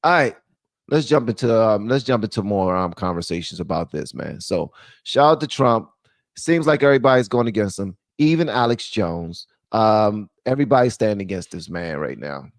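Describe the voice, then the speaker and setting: A male host of a solo commentary show who rants bluntly and profanely. His pitch swings widely, and the sound is dry and close, with no room echo. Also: lively intonation, normal speed. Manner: blunt, profane ranting, calling out viewers.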